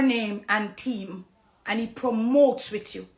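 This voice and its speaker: A woman's voice: a little high, takes it slowly, reverberant. Impassioned Jamaican woman testifying. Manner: preachy, swings from hushed confiding to loud accusing. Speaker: dancehall artist on a live stream.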